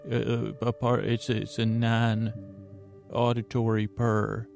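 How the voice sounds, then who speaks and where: A man's voice: mid-range voice, completely flat delivery, slow pace, creaky, a little mellow, soft background music. A man hosting a bedtime podcast, talking in a meandering, self-interrupting way with wry asides. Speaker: podcast host. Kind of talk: rambling bedtime podcast monologue.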